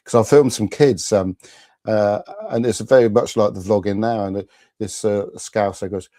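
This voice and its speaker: Low, dark-voiced man rambling. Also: fairly even intonation, moderate pace, no echo. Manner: rambling storyteller, many restarts and fillers. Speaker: podcast host. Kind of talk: casual live-stream chat.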